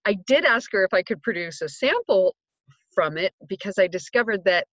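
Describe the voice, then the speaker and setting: A woman's voice: medium pitch, lively intonation, normal speed, a bit bright, no echo, lo-fi sound. A middle-aged woman telling a casual personal story from her home recording booth, upbeat and chatty with many fillers. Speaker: audiobook narrator and life coach.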